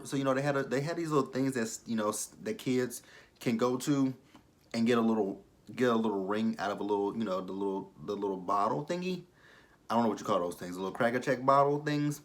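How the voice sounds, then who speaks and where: A man around thirty reviewing a reality show in casual commentary, animated and profane with rambling asides. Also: medium pitch, a little fast.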